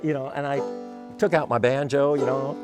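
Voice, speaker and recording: A man who is a guest musician, telling stories in an interview in an animated way. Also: mid-range voice, moderate pace, over music. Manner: animated, acts out voices in his stories. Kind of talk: storytelling in an interview.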